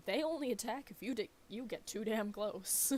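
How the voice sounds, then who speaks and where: A woman's voice: mid-range voice, a little slow, darkish tone. A young woman streaming a game, chatting casually, laughing often and swearing offhand. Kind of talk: casual let's-play chat.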